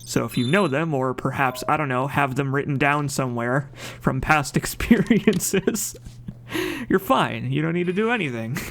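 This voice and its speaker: Gravelly-voiced man doing game commentary. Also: mid-range voice, moderate pace, fairly bright tone. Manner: chatty, enthusiastic, jokes and corrects himself mid-sentence. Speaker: let's play commentator. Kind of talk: casual gameplay commentary.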